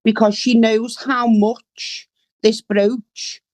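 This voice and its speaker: A woman co-hosts a chatty podcast, walking through a sitcom plot at a very unhurried pace. Her voice is mid-pitched and the recording is dry, with little room sound. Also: level tone, a little mellow, no echo. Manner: slow, storytelling delivery. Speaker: podcast co-host. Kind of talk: casual chat recapping a sitcom episode.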